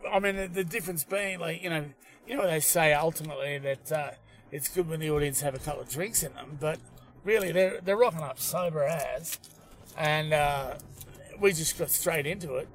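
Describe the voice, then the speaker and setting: A man's voice: on the high side, normal speed, poor audio. An Australian man in his fifties, a comedian and podcast co-host, telling rambling stories in casual chat with lots of fillers.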